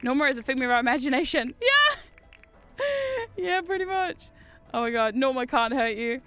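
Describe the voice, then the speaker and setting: A high, bright-voiced woman with a New Zealand accent, chatting loudly and excitably through a game stream. Her voice is smooth and clear, she swears freely, and faint game music plays behind her. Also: fairly quick. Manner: loud, excitable, swears a lot. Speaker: VTuber streamer. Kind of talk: casual gameplay commentary.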